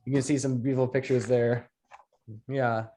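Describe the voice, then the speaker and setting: A man's voice: mid-range voice, level tone, normal speed, mellow, a little hiss or hum. A man moderating an online question-and-answer session over a video call, talking in a friendly way with fillers. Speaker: presentation host.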